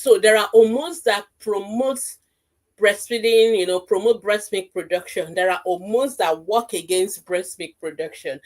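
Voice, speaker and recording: A woman pediatrician giving a health webinar talk, speaking directly to mothers in an emphatic, reassuring way and repeating key points in lists. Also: lowish voice.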